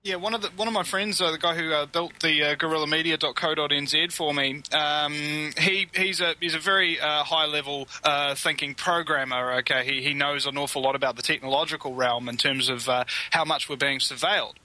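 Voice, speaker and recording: A man in a casual conversation, speaking haltingly with many fillers as he works through his thoughts. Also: a little high, fairly even intonation, pushed and bright, low-quality recording. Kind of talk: casual chat.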